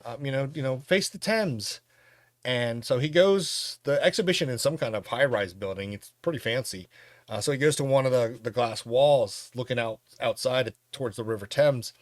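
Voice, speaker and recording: A man hosting a podcast, recapping a film's plot in a casual, animated way and laughing now and then. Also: mid-range voice, normal speed, no room sound. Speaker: podcast host reviewing a film.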